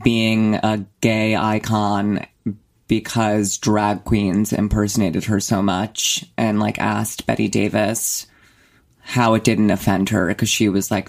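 A young woman with a rumbling low voice and vocal fry co-hosts a podcast from her home bedroom, where there's a radiator. She chats casually, rambling and swearing, and laughs often.

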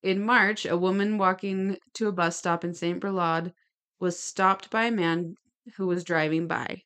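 A woman's voice: on the low side, fairly even intonation, a little slow, fairly bright tone, clear, resonant tone. A woman co-hosting a podcast, telling a true-crime story from her notes with chatty asides. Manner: gestures while talking. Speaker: podcast co-host.

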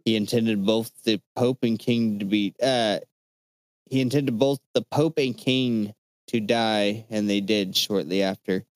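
A man with a low, smooth, resonant voice recorded dry and close. He co-hosts a casual podcast and retells history in a loose, profane way, full of fillers. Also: steady tone, measured pace, no echo. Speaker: podcast co-host presenting the research. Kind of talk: casual chat.

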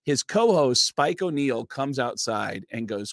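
A man guesting in a studio, telling a long story in an animated, casual way and swearing freely. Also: medium pitch, measured pace, vocal fry, few pauses, no room sound. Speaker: comedian and impressionist guest.

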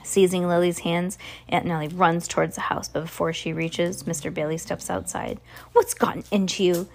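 A woman reads a ghost story aloud in a fairly low voice. Her reading is expressive, and now and then she breaks off for a casual aside. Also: moderate pace, gravelly, slight background noise. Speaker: storybook reader.

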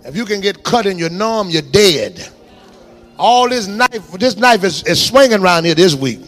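High-pitched shouting preacher man. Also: lively intonation, normal speed. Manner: shouting, exhorting the congregation with call-and-response commands. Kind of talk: fiery sermon. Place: church sanctuary.

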